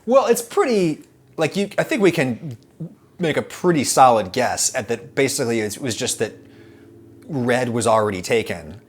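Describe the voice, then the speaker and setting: A man hosting a casual food chat, rambling and animated with lots of fillers and restarts. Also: mid-range voice, normal speed. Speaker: food YouTube host.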